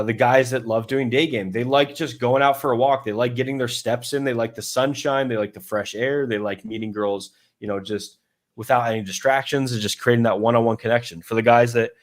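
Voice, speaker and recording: A man talking loosely through his coaching method as a dating coach, with lots of fillers and restarts, acting out his own thoughts as quotes. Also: medium pitch. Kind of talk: casual explanatory talk.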